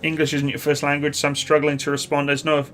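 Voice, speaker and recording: A man's voice: fairly high pitch, fast talker, slight background noise. Chatty Canadian man on a live stream. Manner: relaxed, chatty, hesitant with many uhs. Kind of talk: casual live chat reading questions.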